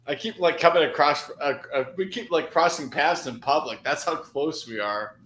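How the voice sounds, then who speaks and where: A man's voice: fairly high pitch, fairly bright tone. Bantering man in an echoey room. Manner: laughing, quick banter. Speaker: livestream host. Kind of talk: casual live chat.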